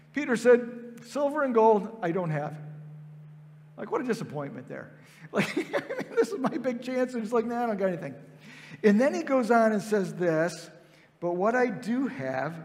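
High-voiced preacher in an echoing hall. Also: male voice, a little mellow. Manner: conversational, acts out the scene with quoted voices. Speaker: pastor. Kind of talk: sermon. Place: large hall with heavy reverb. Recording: reverberant hall sound.

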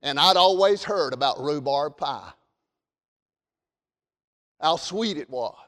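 A man with a Southern US accent preaching a fervent sermon, shifting between shouted warnings and folksy storytelling. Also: a little high, animated, slow pace, long reverb tail. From American South.

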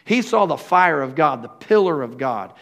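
Male pastor, high pitch, emphatic church preacher addressing the congregation. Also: very animated, moderate pace, gravelly, fairly bright tone. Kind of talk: sermon.

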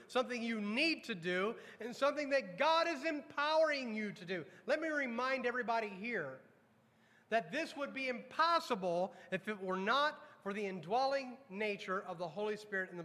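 A pastor preaching a sermon to his congregation, emphatic, questioning the room and dropping low and slow on weighty lines. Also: pushed and bright, long reverb tail. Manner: addresses congregation directly with repeated questions. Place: church sanctuary.

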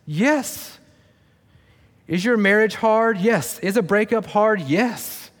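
A man's voice: high-pitched, measured pace, a bit bright. A pastor giving a conversational sermon, joking and sarcastic now and then, as he speaks to his congregation in a church. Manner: conversational and self-deprecating, with sarcastic asides. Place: church sanctuary. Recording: long reverb of a large room.

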